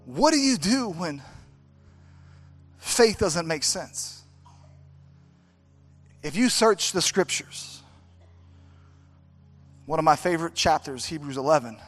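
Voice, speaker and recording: A man's voice: a little high, lively intonation, moderate pace, pauses often, faint music behind. A man preaching a sermon as pastor at a church service, driving his points home with emphatic, repeated exhortations.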